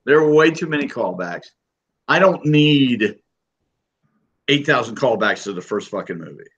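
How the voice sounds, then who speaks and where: A man's voice: mid-range voice, lively intonation, moderate pace, fairly bright tone, husky, lo-fi sound. A man co-hosting a casual podcast chat, opinionated and emphatic, swearing as he argues his case. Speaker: podcast co-host.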